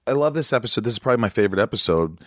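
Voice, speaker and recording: A man hosting a podcast interview, talking in an animated, joking and teasing way. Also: fairly low pitch, racing, no room sound, studio quality. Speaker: podcast host. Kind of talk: casual interview chat.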